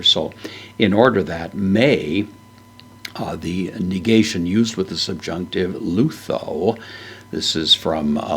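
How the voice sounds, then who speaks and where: A man's voice: low voice, fairly bright tone, slight background noise. A man giving a verse-by-verse Bible lesson, methodically parsing Greek words with frequent hesitant fillers. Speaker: Bible teacher. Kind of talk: verse-by-verse Greek exegesis lecture.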